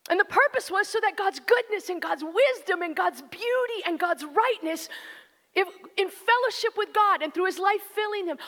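A woman's voice: very high-pitched, moderate pace, fairly bright tone. A woman preacher giving a sermon, with conversational, emphatic delivery that speaks directly to the listeners. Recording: long hall reverb.

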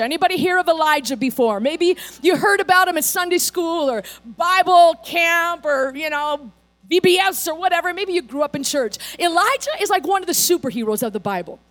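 A woman pastor preaching a sermon, telling a story in a casual, animated way and acting out the characters' lines. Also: very high-pitched.

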